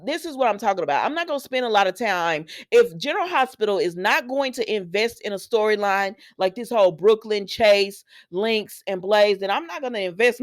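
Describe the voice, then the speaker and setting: A woman giving a chatty, sassy spoken recap, talking straight to viewers and acting out the characters' lines in quick bursts. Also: mid-range voice. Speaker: soap opera recap host.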